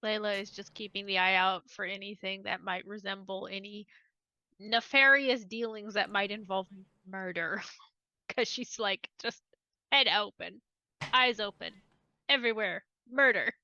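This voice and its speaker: A woman playing a tabletop role-playing game, chatting in a lively, giggly way. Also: medium pitch, measured pace, no echo, lo-fi sound. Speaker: player.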